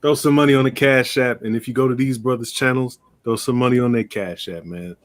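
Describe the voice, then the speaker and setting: A man's voice: medium pitch, a little fast. A man with an ordinary mid-range voice hosts a livestream in loose, slangy casual chat. He keeps things easygoing and laughs often between remarks. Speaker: livestream host.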